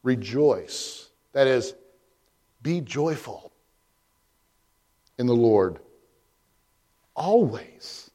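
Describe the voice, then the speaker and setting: A man preaching a sermon as pastor, posing emphatic rhetorical questions with frequent pauses. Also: mid-range voice, animated, mellow, slightly rough. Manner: slow, deliberate delivery with frequent pauses.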